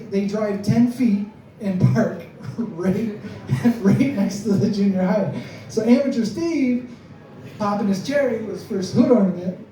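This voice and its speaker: A man's voice: high-pitched, noisy background. Man telling a funny story in an echoey room. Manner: chatty, self-mocking, laughs through his lines. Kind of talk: live comedic storytelling. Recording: echoey room, mic far off.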